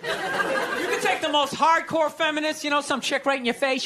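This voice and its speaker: American comic ranting and cussing on stage, shouty, big echoey theater with a loud crowd. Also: male voice, very high-pitched, fairly even intonation, moderate pace, noisy background. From United States. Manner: ranting, profane, shouts punchlines. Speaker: stand-up comedian. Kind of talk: stand-up comedy set. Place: theater stage before a live audience.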